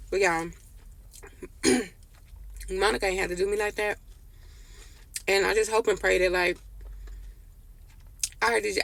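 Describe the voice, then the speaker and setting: Woman vlogger, gravelly and flat-toned, rambling and tired, talking to followers like friends. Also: fairly low pitch, no room sound. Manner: rambling, heartfelt, addresses viewers as y'all. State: tearful and worn out. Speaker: vlogger giving a personal update. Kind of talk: casual chat to followers.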